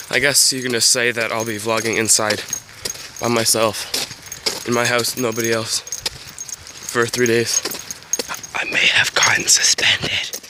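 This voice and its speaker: A teenage boy talking casually to his camera, rambling with lots of ums and small laughs. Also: mid-range voice. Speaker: vlogger. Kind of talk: casual vlog talk to camera. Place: home, then outdoors by a road in heavy rain. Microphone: handheld camera. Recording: noisy outdoor recording with wind and rain. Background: wind and rain.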